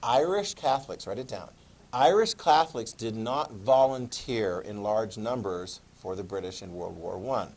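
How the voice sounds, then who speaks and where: A man's voice: on the low side, lively intonation, moderate pace, darkish tone. A man teaching a history class, chatty and quizzing his students as he goes. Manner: chatty, asks the class questions. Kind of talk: classroom lecture.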